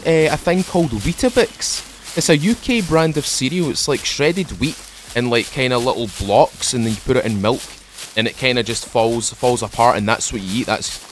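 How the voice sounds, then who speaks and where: A man at home talking into a desk microphone, giving a relaxed, rambling commentary while playing a game. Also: mid-range voice, a little hiss or hum. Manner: rambling, chatty, drifts off topic; mellow, laid-back morning mood. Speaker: gaming channel host. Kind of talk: casual let's-play commentary.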